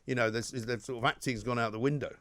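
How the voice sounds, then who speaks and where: A man hosting a talk radio show, asking questions in a conversational way with halting restarts. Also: mid-range voice, fairly even intonation, fairly bright tone, dry recording, studio quality. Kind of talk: studio interview on talk radio.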